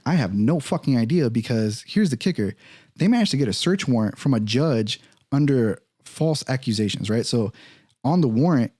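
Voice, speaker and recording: Man telling a story in a mellow voice. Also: medium pitch, dry recording, clean studio sound. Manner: profane, animated, acts out quoted voices. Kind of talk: casual storytelling.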